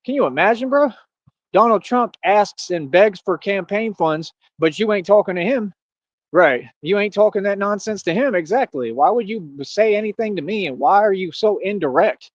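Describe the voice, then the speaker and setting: A man's voice: high-pitched, expressive, moderate pace, no echo. A man ranting on a stream in casual street slang, boastful and confrontational, calling out critics with lots of "like" and "bro". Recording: dull lo-fi stream audio.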